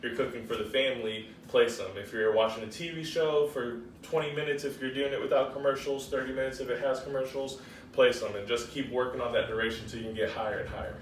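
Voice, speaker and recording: Relaxed man explaining dog training, roomy. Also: mid-range voice, quick pace, far from the mic, a little hiss or hum. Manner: gives firm short commands, then chatty explanation with many ums. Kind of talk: casual training demonstration.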